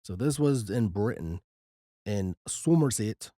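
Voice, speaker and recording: Man, podcast co-host, mid pitch, mellow tone, relaxed, reads aloud, dry sound. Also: slow, no room sound. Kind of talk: casual chat.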